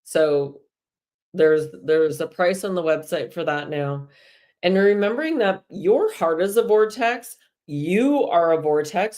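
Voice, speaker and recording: A low-voiced woman hosts a live spiritual talk for her viewers. She chats casually, drifts between stories and encouragement, and laughs easily as she goes. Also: expressive, unhurried. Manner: warm, chatty, laughs often. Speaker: host of a live spiritual energy show.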